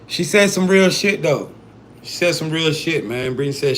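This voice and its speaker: A man's voice: fairly high pitch, lively intonation, normal speed, a bit bright, slight background noise. A man giving a casual, profane live-stream lesson, blunt and slangy, full of rhetorical questions. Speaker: self-styled spiritual teacher on a live stream.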